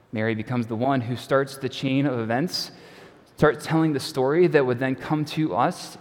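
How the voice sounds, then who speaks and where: A man preaching a sermon in a conversational, wry way, letting his phrase endings drop off quietly. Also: mid-range voice. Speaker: pastor. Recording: long reverb of a large hall.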